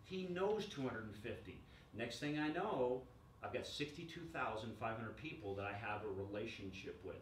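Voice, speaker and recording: A man giving a lively workshop presentation to a room, joking and quizzing the audience. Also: mid-range voice, normal speed, a little hiss or hum. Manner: energetic, jokey, asks the audience questions. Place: chamber of commerce meeting room. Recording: echoey room recorded from far off.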